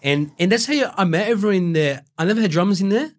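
A man's voice: high-pitched, lively intonation, quick pace. Swearing Australian man telling his story. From Brazil, raised in Australia. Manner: rambling, heavy swearing and fillers, quotes himself. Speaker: guest. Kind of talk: casual interview storytelling.

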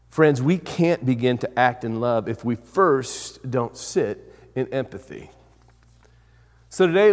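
A man preaching a sermon as pastor, moving from loud emphatic phrases to hushed, slow ones and repeating words for weight. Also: medium pitch, long reverb tail.

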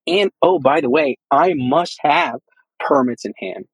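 A man's voice: on the high side, measured pace, gravelly, husky, dry recording, poor audio. A man being interviewed, talking through his experience in a loose, rambling way and acting out what people said. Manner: rambling, animated, acts out quoted dialogue. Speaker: guest, real estate investor. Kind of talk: casual storytelling interview.

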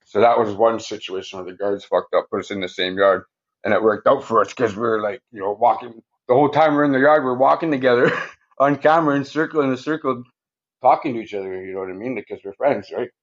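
A man's voice: mid-range voice, quick pace, dull audio. A man telling stories as a podcast guest in a casual, rambling way, swearing constantly and ending sentences with "right?". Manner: rambling, heavy swearing, frequent "right?" tags. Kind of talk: casual storytelling interview.

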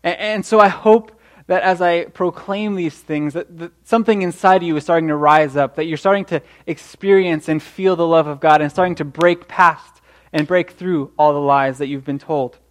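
A man's voice: fairly high pitch, fairly even intonation, normal speed. A young man preaching a sermon in an earnest, encouraging way, often restarting his sentences. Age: young adult.

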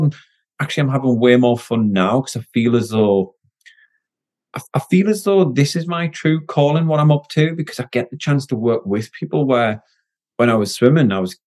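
A middle-aged man, a guest telling his story in a casual interview, energetic and candid. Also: medium pitch. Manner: energetic and candid, frequent restarts. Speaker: guest, former Olympic swimmer and business owner.

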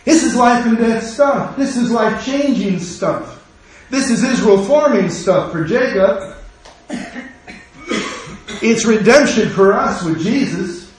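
A man's voice: sits high, expressive, slow pace, a little hiss or hum. A man preaching a sermon as pastor, impassioned and full of rhetorical questions. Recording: very echoey room.

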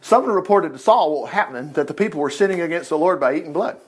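A man reading a Bible story aloud and breaking off into animated, chatty asides and commentary. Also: fairly high pitch, fast, husky. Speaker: Bible teacher.

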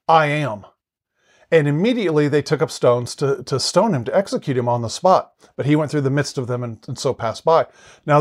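Male Bible teacher, slightly higher register, earnest and explanatory, loose delivery with frequent restarts. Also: darkish tone.

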